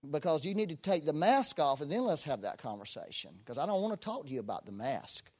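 A man preaching a sermon in a folksy, emphatic way, with loud bursts and joking asides. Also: a little high, very animated, brisk. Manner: folksy, self-deprecating asides.

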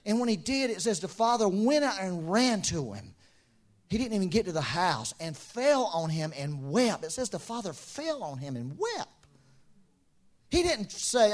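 A man's voice: high voice, animated, fairly quick. A middle-aged man preaching a sermon, telling stories, acting out quoted voices and laughing often. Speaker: pastor.

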